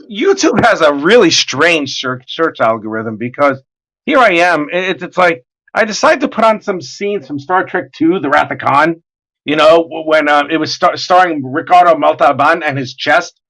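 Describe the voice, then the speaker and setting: A man in his forties tells long, rambling stories in casual chat, swearing freely. His voice sits high and jumps around a lot, with a bright, forceful edge. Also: moderate pace. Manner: animated, rambling, profane storyteller. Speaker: artist streaming his work.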